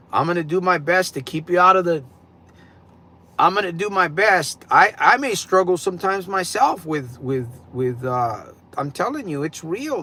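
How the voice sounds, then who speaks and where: A man's voice: fairly high pitch, bright, forceful tone. A middle-aged man hosting a livestream in casual, rambling talk, repeating himself for emphasis. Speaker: livestream host.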